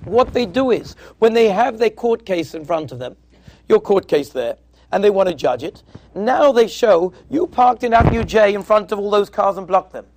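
A man's voice: sits high, animated, moderate pace, a little mellow, a little hiss or hum. A man, a rabbi, giving a sermon to yeshiva students, telling stories and acting out their dialogue, with Hebrew and Yiddish terms mixed in. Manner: storytelling, acting out dialogue in quotes.

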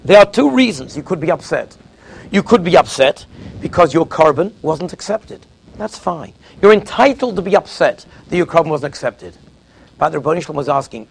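Gravelly high-voiced man giving a Torah talk. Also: lively intonation, a little fast, poor audio. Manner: storytelling, acts out quoted speakers. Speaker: rabbi. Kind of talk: Torah lecture.

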